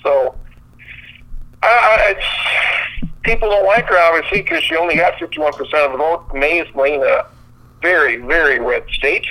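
A man's voice: fairly high pitch, very animated, moderate pace, creaky, pushed and bright, low-quality recording. A man co-hosting a casual podcast, ranting bluntly with frequent swearing. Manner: blunt, profane, exasperated ranting. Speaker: podcast co-host. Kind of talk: casual sports podcast chat.

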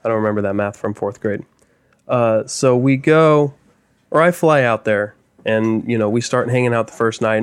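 A man's voice: mid-range voice, normal speed, smooth. A young man on a podcast telling a rambling, self-deprecating story in casual chat. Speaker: podcast co-host.

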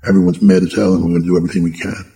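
A man's voice: low-pitched, little pitch movement, racing, gravelly, warm tone. A man voicing a flustered male president in a prank-call spoof, rambling and repeating himself.

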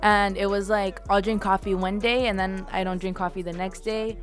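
A woman's voice: mid-range voice, little pitch movement, normal speed, faint music behind. A young woman, a student co-hosting a podcast, talking in casual chat that is loose and rambling, full of fillers and casual swearing. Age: young adult.

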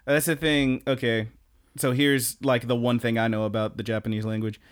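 A man's voice: medium pitch, little pitch movement, moderate pace, clear, resonant tone. A young man co-hosting a podcast, recapping an anime in casual, rambling chat and laughing often. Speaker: podcast co-host.

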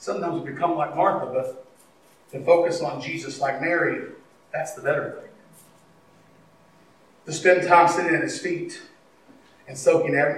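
A middle-aged man preaching a sermon as pastor, telling stories, acting out dialogue and swinging between loud and hushed. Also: fairly high pitch. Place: church sanctuary. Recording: echoey church hall, mic at a distance, faint noise.

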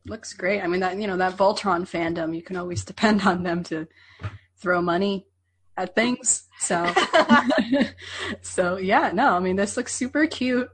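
A woman's voice: medium pitch, measured pace, a little hiss or hum. A woman on a podcast panel in casual chat, talking in a wry, quizzical way.

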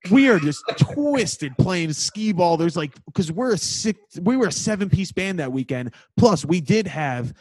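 Excitable young man with a higher voice. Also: breathy edge. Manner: excitable, swears freely, quick anecdotes. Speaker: touring musician, guest. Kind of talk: casual chat.

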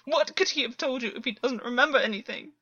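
A woman's voice: mid-range voice, normal speed, slightly rough, no echo, lightly acted. A woman voicing a tormented male water-horse fae, desperate and fragile, with frantic, broken pleading, on a dull, lo-fi recording. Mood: bitter.

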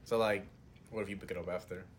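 A woman's voice: rumbling low, steady tone, quick pace. A woman co-hosting a podcast in casual chat, laughing often and teasing her friends. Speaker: podcast co-host.

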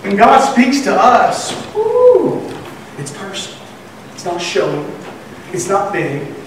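A man's voice: sits high, expressive, measured pace, noisy background. A man preaching a sermon as pastor, telling stories animatedly and acting out the voices of the people in them. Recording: echoey room from far off.

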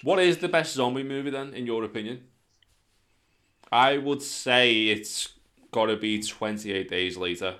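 A man's voice: medium pitch, unhurried. A man, co-hosting a podcast in casual, sweary banter. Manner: sweary, animated storytelling. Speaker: podcast co-host.

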